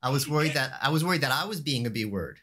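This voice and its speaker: Animated man telling a story on a call. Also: medium pitch, fast talker. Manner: animated storyteller, acts out the shouted line. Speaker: show regular, co-host. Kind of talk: casual chat, telling an anecdote. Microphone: video call.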